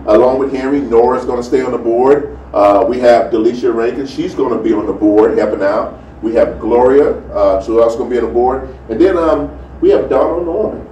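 A man's voice: medium pitch, fairly quick, dark tone, distant mic, muffled recording. A man preaching as a pastor, chatting casually with many fillers before starting his sermon. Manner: chatty, lots of "you know" and "amen". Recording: roomy, from off the mic, faint noise.

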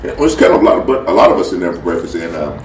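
A man's voice: deep voice, very fast. A man giving a casual faith talk, telling a story and acting out the people in it. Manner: animated storytelling, acts out quoted voices. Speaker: speaker sharing a devotional story. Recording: roomy, distant mic with faint background noise.

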